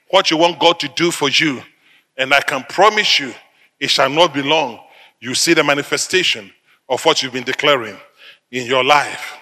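Male preacher from Africa, middle-aged; tense, sharp and forceful delivery; emphatic repetition; large reverberant hall. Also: on the high side, animated, moderate pace. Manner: emphatic, repetitive declarations, sudden loud bursts. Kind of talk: sermon.

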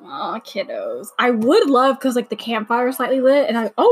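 A woman's voice: on the high side, very animated, moderate pace, few pauses, husky, faint music behind, low-quality recording. A young woman hosting a casual watch-along podcast, chatty and gushing, full of "like" fillers. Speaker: podcast host. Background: show audio playing underneath.

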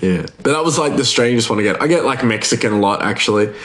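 A man's voice: mid-range voice, lively intonation, fast, fairly bright tone. A man, chatting casually on his podcast, rambling, laughing often and restarting his sentences. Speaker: podcast host, chef.

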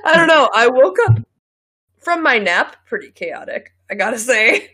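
A woman's voice: a little high, very animated, moderate pace, bright, forceful tone, breathy edge. A young woman co-hosting a casual podcast chat, giggly and playful, telling stories with dramatic flair. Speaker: podcast co-host.

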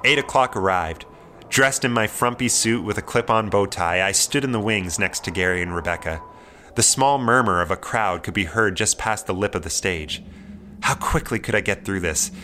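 A young man narrating a personal story in a wry, measured way. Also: fairly low pitch, bright, forceful tone, slight background noise. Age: young adult.

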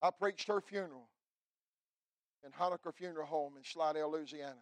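Male pastor, middle-aged, fervent sermon voice, a bit high, dry close sound, loud peaks to quiet lows. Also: fairly quick, no echo. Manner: preachy, swings from shouting to hushed. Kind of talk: fiery revival sermon.

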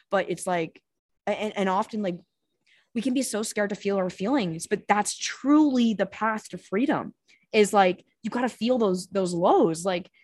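A woman's voice: mid-range voice, darkish tone, dry recording, studio quality. A woman podcast guest and coach telling a personal story in a candid, chatty way, swearing freely and filling with "like". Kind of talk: casual conversational storytelling.

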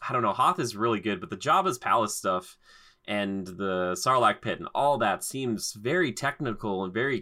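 A man with a low voice and a bright, forceful tone leads a relaxed podcast chat about a film. He is easygoing and steers the talk to new topics. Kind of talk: casual film discussion.

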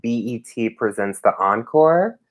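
A woman's voice: a bass voice, animated, unhurried. A woman co-hosting a pop culture podcast, rambling casually with many ums and restarts. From Texas. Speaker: podcast co-host. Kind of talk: casual chat.

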